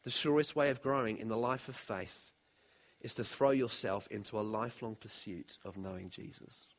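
A man's voice: on the low side, fairly even intonation, normal speed. A man preaching a sermon in an earnest way, often putting direct questions to his listeners.

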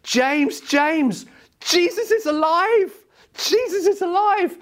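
A man voicing a small girl who excitedly shouts good news to a friend, squealing and breathless. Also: extremely high pitch, slow pace, pitched above the performer's own voice, full character voice. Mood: overjoyed.

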